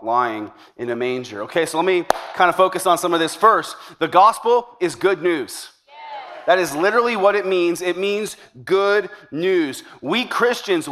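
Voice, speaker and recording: A male pastor delivers a sermon to his congregation. His voice sits a little higher than most men's. He keeps the tone chatty and upbeat and slips in jokes as he goes. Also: fairly bright tone. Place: church service before a congregation.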